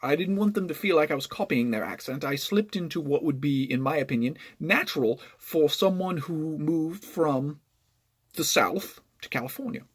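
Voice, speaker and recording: A man's voice: fairly high pitch, normal speed, slightly rough. A man telling a storytime vlog about online gaming, explaining at length and checking in with "right?". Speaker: gaming vlogger.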